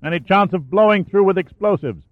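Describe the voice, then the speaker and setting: A man's voice: sits high, expressive, fairly quick, no echo, pitched above the performer's own voice. A determined officer played by a man calls out urgently, his voice raised. The audio is thin and phone-like and fully dry. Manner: urgent, shouting down a shaft. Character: determined male officer leading the breakthrough.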